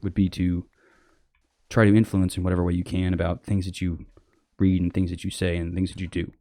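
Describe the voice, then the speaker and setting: A man talking in a casual opinion monologue, rambling and blunt, with many fillers and swearing, and mocking others in high sarcastic voices. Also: level tone, brisk, warm tone, no echo. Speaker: podcast host.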